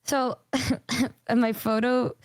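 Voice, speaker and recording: Higher-voiced woman chatting on stream, dry sound. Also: very slow, no echo. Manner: animated, swears freely, playful teasing. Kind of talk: casual chat with a friend on stream.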